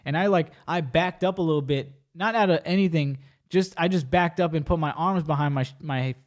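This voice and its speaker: Podcast host, man, fairly high voice, animated and foul-mouthed storyteller. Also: a little fast. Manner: animated, acts out quoted dialogue with shifting voice; profane and blunt. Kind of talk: casual storytelling chat.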